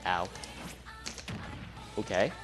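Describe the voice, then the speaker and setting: A man giving live gameplay commentary, trash-talking the opponent and muttering between loud outbursts. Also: very slow. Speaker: gamer. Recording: loud game music behind voice. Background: fighting game music and effects.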